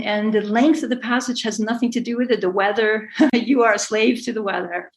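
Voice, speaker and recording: Here a sailor and author appears as an interview guest: a middle-aged woman whose mid-range voice sounds gravelly. She goes on at length, rambling and correcting herself with frequent small laughs, in a casual back-and-forth. The recording quality is low.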